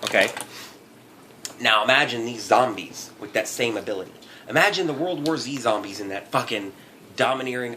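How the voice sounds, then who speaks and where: A man's voice: medium pitch, animated, moderate pace, sharp tone, a little hiss or hum. Profane rambling male ranter. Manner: profane, rambling, laughs often. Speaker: vlogger. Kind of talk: comedic rant.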